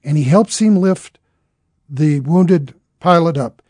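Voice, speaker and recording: A man's voice: on the high side, slow pace, darkish tone, dry recording, studio quality. Earnest man retelling a dramatic story. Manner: earnest, acts out the characters' lines.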